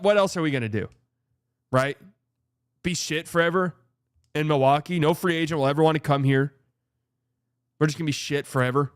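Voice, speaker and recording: A man's voice: mid-range voice, dry recording, studio quality. A man hosting a casual sports commentary show, sarcastic and blunt, swearing freely. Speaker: host.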